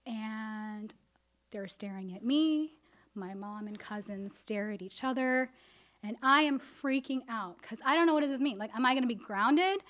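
Woman, high voice, live storytelling, animated, acts out dialogue. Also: unhurried.

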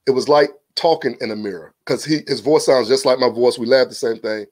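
This casual testimony comes from a man on a podcast recounting a personal experience earnestly, with frequent word repetitions as he starts thoughts. His voice is mid-range and a little mellow, and he speaks a bit fast.

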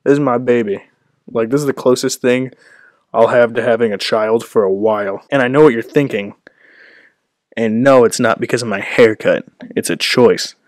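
A man's voice: mid-range voice, moderate pace, dry recording, clean studio sound. A young man rambling in a casual vlog, self-deprecating, at a home setup with a desk microphone. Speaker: host.

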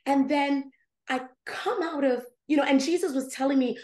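A woman guest on a podcast interview, telling a personal story with animated, expressive delivery and acting out her own past dialogue. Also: high voice, moderate pace, roomy sound.

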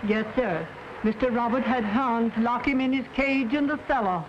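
An actress playing a deferential, dutiful housekeeper in 1930s film acting style, speaking politely. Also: female voice, a little high, normal speed, natural voice. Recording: muffled old film soundtrack with hiss.

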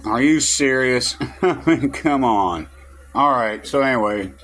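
A man with a drawl rambles to his camera, groggy from just waking up. He talks slowly in a bright, sharp-edged voice, chuckling between phrases and swearing as he goes. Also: mid-range voice, animated. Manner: chuckles through his words, swears freely. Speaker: vlogger. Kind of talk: casual rambling vlog.

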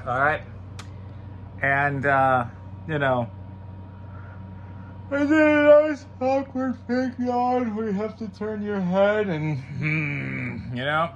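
A young man doing a rambling, crude stand-up bit, halting with fillers and restarts and breaking into loud exclamations. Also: high voice, lively intonation, gravelly, slight background noise. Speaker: stand-up comedian.

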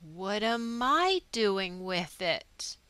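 Lady doing a wounded ww1 soldier guy, blunt and rough, slow, crisp voice. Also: medium pitch, sing-song, sharp tone, no room sound, heavily acted. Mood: dazed. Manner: blunt, dazed, then rough. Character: wounded young male WWI soldier, gruff.

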